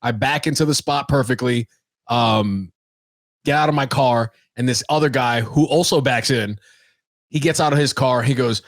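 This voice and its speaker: A young man co-hosting a podcast, telling a story in casual chat with lots of swearing and animated retelling. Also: mid-range voice, a little fast, no room sound. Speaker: podcast co-host.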